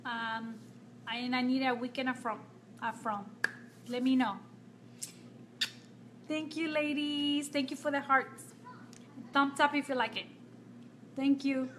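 A Nicaraguan makeup artist chats casually with viewers on a livestream, talkative and quick to laugh. Her voice is high, level and a bit bright, with a little hiss or hum present.

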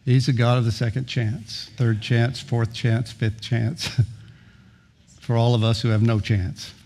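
A man's voice: medium pitch, little pitch movement, slow, a little mellow, a little hiss or hum. A middle-aged male pastor preaching a sermon, telling a story and acting out its voices, often repeating words as he starts sentences. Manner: storytelling, acts out voices in anecdotes.

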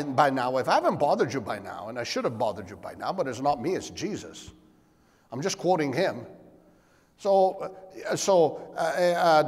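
A man preaching a sermon as pastor, asking rhetorical questions and calling for amens. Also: slightly rough. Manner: animated, shifting pitch and volume. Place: church sanctuary. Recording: long hall reverb.

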